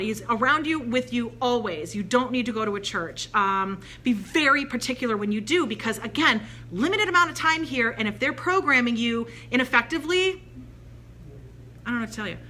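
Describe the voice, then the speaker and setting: A woman with a bright, high-leaning voice tells a personal story in an easy, chatty way. She talks animatedly and slips into the voices of the people she quotes. The feel is relaxed storytelling. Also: brisk. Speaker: spiritual channeler. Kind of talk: casual storytelling.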